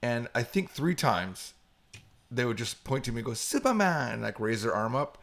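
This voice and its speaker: A middle-aged man co-hosting a casual podcast with an average-pitched voice. He tells his stories in an animated way and mimics people with playful high voices when he quotes them. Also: normal speed. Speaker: podcast co-host. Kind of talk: casual chat.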